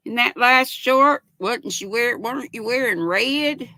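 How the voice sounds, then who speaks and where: A woman's voice: a little high, expressive, a little slow, vocal fry, hardly any pauses, sharp tone, dry recording. An older woman, hosting a casual live-stream chat and reading viewer comments aloud in a chatty, affectionate way. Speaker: host.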